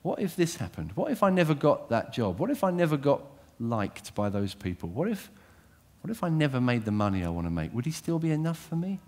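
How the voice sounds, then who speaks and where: With a mid-range voice and a fairly quick delivery, this preacher addresses his listeners directly and with animation. He asks them questions and shifts from forceful, loud points to hushed intensity.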